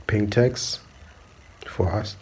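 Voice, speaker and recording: Husky, preachy man. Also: lowish voice, extremely slow, a little mellow, rough recording. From South Africa. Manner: preachy, repeatedly asks "do you understand?". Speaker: channel host. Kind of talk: opinionated video commentary.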